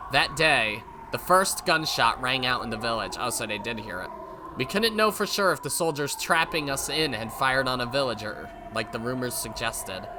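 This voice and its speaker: A man's voice: medium pitch, background noise. A man hosting a let's play, reading a visual novel aloud and breaking in with wry, sarcastic asides.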